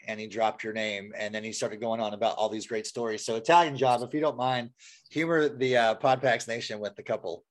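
Laid back podcast host dude, jokey, mid voice. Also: male voice, medium pitch. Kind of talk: casual podcast chat.

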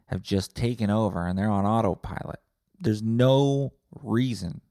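Male podcast host, sarcastic profane rambler, low voice, dry close sound. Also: gravelly, warm tone, no room sound. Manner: rambling, sarcastic, swears a lot. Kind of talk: comedic profane rant.

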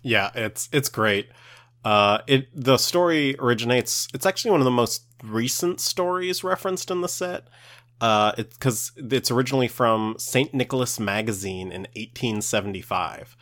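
A man's voice: medium pitch, lively intonation, normal speed, a bit bright. A man co-hosting a podcast, explaining stories in an easygoing, casual way. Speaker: podcast co-host. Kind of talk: casual chat, storytelling.

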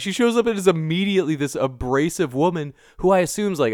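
A man's voice: high-pitched, fast, hardly any pauses, darkish tone, no echo, clean studio sound. A man in casual movie-review chat, sarcastic and laughing often as he mocks the characters.

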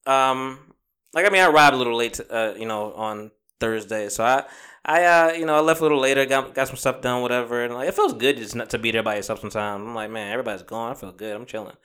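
A podcast host with a mid-range, fairly bright, clear and resonant voice chats casually, spinning a rambling story packed with fillers and swearing. He mentions that he talks fast.

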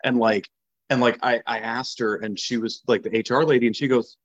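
A man's voice: mid-range voice, steady tone, a little fast, muffled recording. A man co-hosting a podcast in casual chat, telling stories and acting out the people in them. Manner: storytelling, acts out quoted people. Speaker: podcast co-host.

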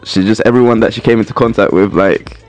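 A young man co-hosting a casual radio chat, agreeing easily with his friend in relaxed slang. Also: lowish voice, fast talker, faint music behind. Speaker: radio co-host.

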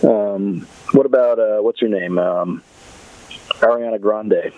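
A man's voice: on the low side, takes it slowly, a little mellow. A man hosting a podcast in loose, rambling casual chat, swearing now and then. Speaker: podcast host. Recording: tinny phone-like line.

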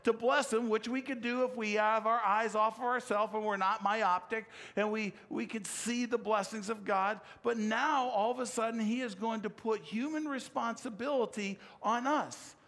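Preaching at a moderate pace with few pauses, a pastor explains scripture earnestly and shares a story against himself. His high-pitched voice is fairly bright, with fairly even intonation.

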